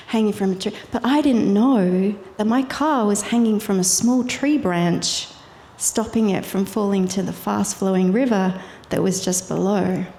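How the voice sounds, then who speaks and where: A woman's voice: mid-range voice, warm tone. A woman with an Irish accent telling a vivid personal story as a guest, laughing easily as she goes. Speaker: guest sharing her testimony. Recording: echoey hall with faint noise.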